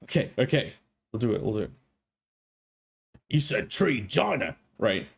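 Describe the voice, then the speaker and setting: A man's voice: on the low side, very animated, measured pace, creaky, husky. A male streamer with a strained throat, chatting in a playful, jokey way and swearing freely. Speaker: streamer, host. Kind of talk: casual live-stream chat.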